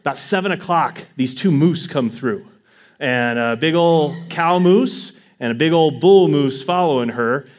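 A man preaching to a congregation, telling a personal story in a casual, animated way. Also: on the high side. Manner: animated, acts out his story with quick inner quotes. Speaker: pastor. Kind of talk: sermon storytelling.

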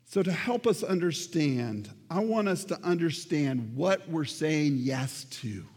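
A man's voice: on the high side, expressive, unhurried, a little mellow, slightly rough, big-room sound. A man preaching a sermon as pastor, earnest and addressing the congregation directly, repeating words for emphasis. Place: church sanctuary.

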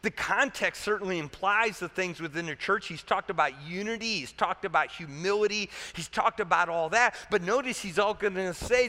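A man's voice: high voice, moderate pace, hardly any pauses, sharp tone. A man preaching a sermon as a pastor, talking conversationally and asking the congregation rhetorical questions. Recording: echoey hall reverb.

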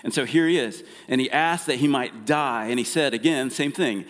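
A man preaching a sermon in a relaxed, conversational way, with plenty of fillers and restarts. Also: a little high, moderate pace, long reverb tail. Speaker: pastor. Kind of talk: casual sermon.

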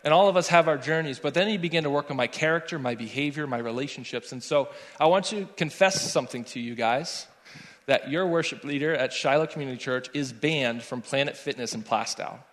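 A man's voice: a little high, fairly quick. Young male worship leader, storytelling sermon, voices the dialogue, long hall reverb. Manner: animated storyteller acting out dialogue. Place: church sanctuary.

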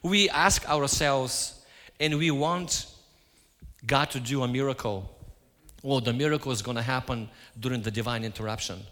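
A man's voice: mid-range voice, normal speed, fairly bright tone. A man giving a sermon, telling stories and acting out his own quoted lines. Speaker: preacher. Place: church. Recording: hall reverb.

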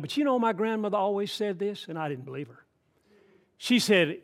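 A man's voice: sits high, animated, a little fast. An older man from Atlanta, preaching a sermon in a folksy, emphatic way with asides to the congregation. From Atlanta, Georgia. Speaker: pastor.

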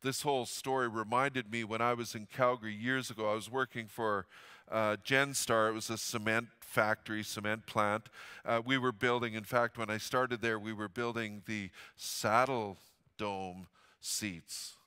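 A middle-aged man preaching a sermon as a pastor, telling stories earnestly and swinging from loud emphasis to hushed, quiet lines. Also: mid-range voice, level tone, moderate pace, smooth.

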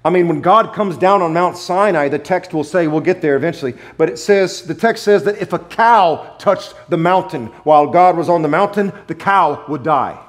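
A man preaching a sermon, emphatic, repeating key phrases and swinging between loud declarations and hushed asides. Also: a little high, normal speed, few pauses. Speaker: pastor.

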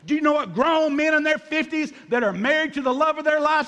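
A man in his fifties, a pastor preaching a sermon in a lively, joking way, acting out little scenes and calling for amens. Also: very high voice, brisk, hardly any pauses. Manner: lively and joking, acts out voices, calls for amens from the congregation.

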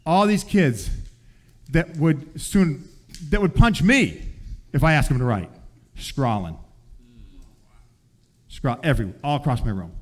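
Male teacher sharing a faith story; animated, acts out quotes, sinks quiet for the heavy parts. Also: a little slow, pauses often. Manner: animated storytelling with acted quotes, often drops soft and low.

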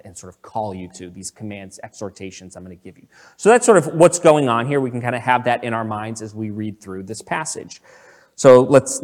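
A man's voice: medium pitch, in a large hall. A man giving a conversational sermon, full of fillers and restarts as he explains a passage. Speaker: preacher.

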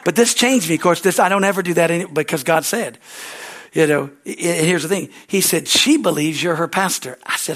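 A middle-aged male pastor preaching a sermon, telling a story with swings from quiet asides to shouted peaks. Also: sits high, lively intonation, moderate pace.

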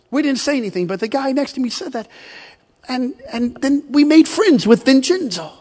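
Male preacher, sermon, emphatic, storytelling, high-pitched, long hall echo. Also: lively intonation, brisk. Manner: emphatic, storytelling, repeats words. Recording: reverberant hall.

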